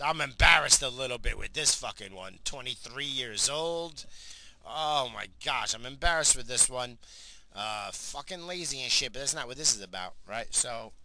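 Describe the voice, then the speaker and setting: Bright-voiced, rambling middle-aged man. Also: medium pitch, low-quality recording. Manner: rambling, profane, lots of fillers. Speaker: vlogger, father. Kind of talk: casual rambling storytelling.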